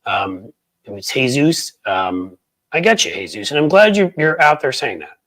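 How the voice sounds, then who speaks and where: A man's voice: medium pitch, sing-song, moderate pace, a bit bright, poor audio. A man hosting a political livestream, talking in a rambling, angry, sarcastic way, full of fillers and restarts as he reads viewer chats. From United States. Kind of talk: casual livestream commentary reading viewer chats.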